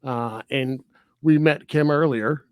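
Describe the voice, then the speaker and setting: A man's voice: medium pitch, slow, dry recording, clean studio sound. A man co-hosting a podcast, casually recapping a film scene by scene with quoted asides. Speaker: podcast co-host. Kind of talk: casual film review chat.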